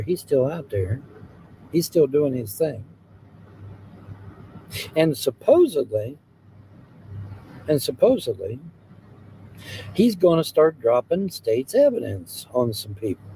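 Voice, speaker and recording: Ohio guy livestreaming outside, real dark mellow voice jumping all over, faint truck idle behind. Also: a little high, a little hiss or hum, rough recording. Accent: Southwest Ohio. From Hamilton, Ohio, USA. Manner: drawling, rambling, greets chat, repeats himself. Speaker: livestream host. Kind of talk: casual livestream chat. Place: outdoors beside idling trucks. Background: faint engine idling.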